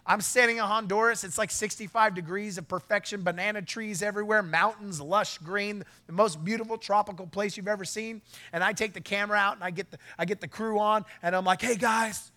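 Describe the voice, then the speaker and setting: A middle-aged man preaching a sermon as pastor, telling a story with swings from low asides to loud exclamations. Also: fairly even intonation, a little fast, hardly any pauses.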